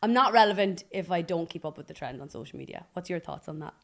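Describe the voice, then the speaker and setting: A woman's voice: lowish voice, expressive. Chatty woman hosting an interview. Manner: chatty, encouraging, quick asides. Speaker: podcast host. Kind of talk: casual interview chat.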